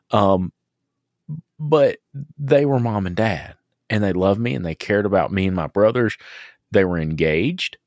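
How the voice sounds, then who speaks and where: A man with a very deep voice hosts a casual podcast chat. He tells long, rambling stories and often breaks into laughter. The recording is dry and close to the mic. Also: no room sound.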